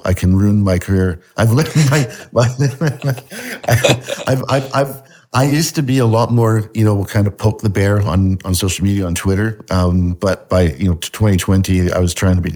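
A man with a low voice and a Canadian accent carrying a faint Scottish lilt. He talks casually as a podcast guest. His sentences stop and restart around many fillers. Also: fairly even intonation, mellow. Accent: Canadian with a slight Scottish tinge. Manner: halting, many fillers and restarts, laughs often. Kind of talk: casual interview chat.

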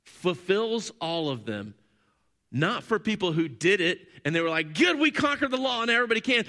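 A man preaching a sermon, telling stories and building his points through repetition, moving between loud emphasis and hushed low passages. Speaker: pastor.

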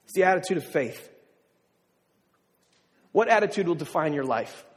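A man's voice: a little high, lively intonation, normal speed. A man preaching a sermon as a pastor, telling a personal story and building to emphatic declarations. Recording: long hall reverb.

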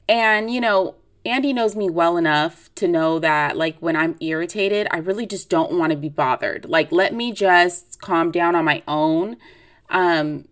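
A woman's voice: lowish voice, fairly bright tone. A woman in her late twenties hosting a podcast, telling a personal story in a chatty, confessional way with lots of fillers. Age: late 20s. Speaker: podcast host. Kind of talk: casual personal chat.

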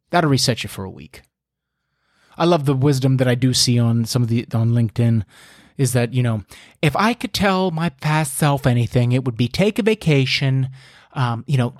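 A man's voice: medium pitch, darkish tone, no echo, studio quality. A man giving a casual, folksy faith talk, preachy and full of fillers.

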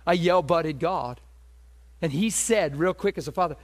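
A man preaching a sermon, telling a personal story with animated delivery that swings between loud and hushed. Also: on the high side, normal speed.

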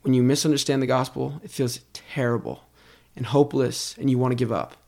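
A man's voice: medium pitch, fairly even intonation, brisk, gravelly, a little mellow. A young man co-hosting a casual faith podcast, talking with enthusiasm and building on his partner's ideas. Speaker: podcast co-host.

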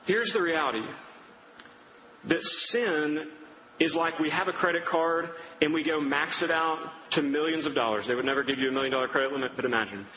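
A man's voice: a little high, steady tone, brisk, bright, forceful tone, a little hiss or hum. A young man preaching a sermon in a casual, storytelling way, acting out quotes. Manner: conversational, storytelling with acted-out quotes. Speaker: pastor. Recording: reverberant hall with faint ambience.

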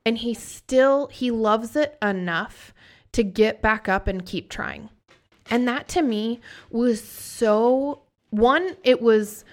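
A woman in her thirties, a podcast guest telling her story candidly and earnestly, often restarting her sentences. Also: medium pitch.

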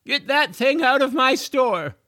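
Man voicing a grumpy, dismissive old woman shopkeeper in a storybook; high, bright. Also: big pitch swings, normal speed, no room sound, clean studio sound, exaggerated voice.

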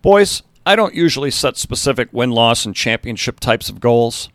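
A man voicing a passionate high school basketball coach giving an earnest, rousing pep talk to his team. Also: expressive, moderate pace, dry recording, clean studio sound, close to an everyday voice.

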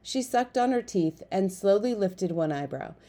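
A woman narrating an audiobook, reading the story in a lively way and switching voices for each character. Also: mid-range voice, normal speed.

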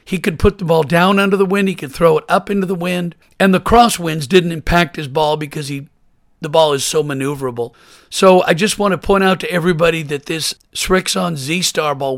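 An older man hosts a podcast in a relaxed, chatty way, with a friendly storytelling manner. His voice sits a little high and has a gravelly edge. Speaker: podcast host. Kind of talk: casual podcast chat.

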